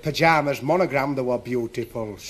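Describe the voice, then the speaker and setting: Onstage at a comedy club, a stand-up comedian chuckles his way through his own stories, chatty and heavy on dialect. His voice is medium-pitched and fairly quick, with noise in the background.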